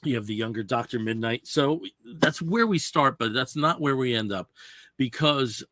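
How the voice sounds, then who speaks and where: A man's voice: medium pitch, moderate pace, fairly bright tone, no echo. A man hosting a podcast in casual chat, explaining comic books at length with lots of "you know" fillers. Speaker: podcast host.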